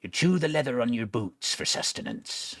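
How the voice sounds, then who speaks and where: A man putting on a gruff pirate sailor voice while playing a game. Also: mid-range voice, lively intonation, normal speed, dry recording, studio quality, voice pushed up. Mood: mock grim.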